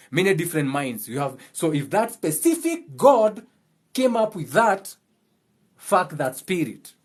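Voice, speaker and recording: A man hosting his channel, giving a blunt, impassioned monologue full of profanity and repeated phrases for emphasis. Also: a little high. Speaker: channel host.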